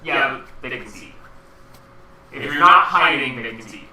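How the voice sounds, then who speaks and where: A man's voice: medium pitch, expressive, moderate pace, crowd noise. A young man running a tabletop game as game master, casually prompting his players. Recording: echoey room, distant mic, faint noise.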